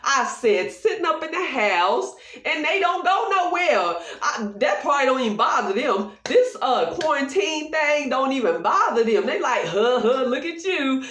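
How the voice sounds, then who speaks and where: Lively high-voiced woman with a playful manner. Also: normal speed, far from the mic. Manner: animated and playful, acting out quotes and laughing often. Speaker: vlogger. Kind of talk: casual chat to camera. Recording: echoey room, voice a bit off mic.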